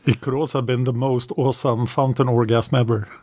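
A man's voice: mid-range voice, flat delivery, a little fast, noisy background. A man co-hosting a casual history podcast, adding short, wry remarks and dry jokes. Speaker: podcast co-host.

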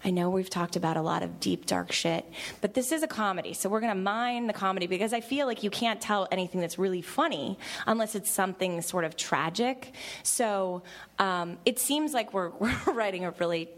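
A woman's voice: medium pitch, lively intonation, brisk. A woman in her thirties, a TV creator on a panel, talking in an emotional, chatty way with many restarts and fillers. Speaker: panel guest, TV show creator. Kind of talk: panel discussion.

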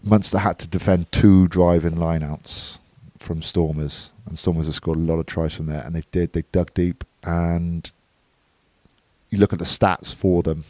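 Man, low voice, dry close mic, analytical podcast co-host, steady recap. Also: moderate pace, no room sound. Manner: matter-of-fact match recap, steady and analytical. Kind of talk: casual sports analysis chat.

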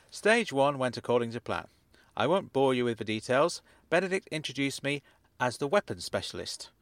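A man reading his own comic story in the first person, with a dry, deadpan delivery. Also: medium pitch, no room sound. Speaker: author and narrator. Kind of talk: first-person audiobook narration.

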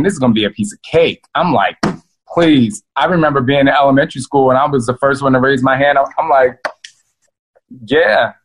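Animated male guest author, mid-pitch, chatty storytelling, talks right to the listeners. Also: slight background noise, low-quality recording. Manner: animated, addresses listeners as "y'all". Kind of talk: casual storytelling to an audience.

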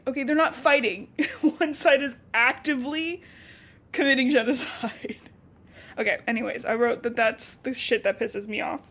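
A young woman co-hosts a podcast, chatting casually and bluntly about a book while swearing and laughing often. Her voice is on the high side and a bit bright, with a breathy edge and a moderate pace.

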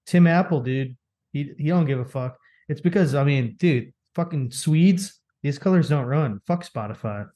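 This young man co-hosts a podcast in a fairly high, warm voice at normal speed, cursing, cracking jokes and laughing a lot through casual banter.

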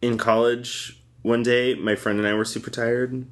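A man's voice: medium pitch, level tone, moderate pace. A young man co-hosting a casual chat, playful and joking, laughing often.

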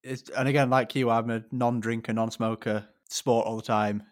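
A man hosts an interview in a mid-range voice. He asks his questions in a relaxed, conversational way. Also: mid-range voice, moderate pace.

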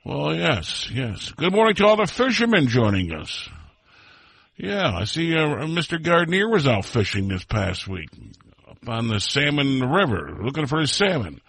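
A man's voice: mid-range voice, big pitch swings, a little slow, gravelly, fairly bright tone, breathy edge. A man hosting a polka radio show, chatting casually and rambling through friendly greetings to listeners. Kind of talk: casual radio chat with listener shout-outs.

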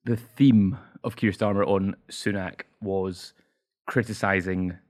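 Scottish guy hosting a pod, lowish voice, dry jokes. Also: fairly even intonation, slow pace, darkish tone. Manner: dry, jokey. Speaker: podcast host. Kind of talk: casual chat.

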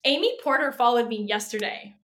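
A woman's voice: fairly high pitch, expressive, brisk, fairly bright tone. A young woman from Canada, a flutist chatting as a podcast guest, bubbly and laughing often with plenty of fillers. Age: young adult. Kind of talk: casual interview chat.

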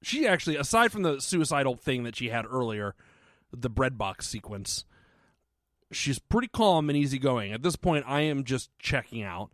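A man co-hosting a podcast, telling a story in casual, profane chat with sudden loud outbursts. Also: mid-range voice, very animated, moderate pace, dry recording, studio quality. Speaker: podcast co-host. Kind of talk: casual comedic recap chat.

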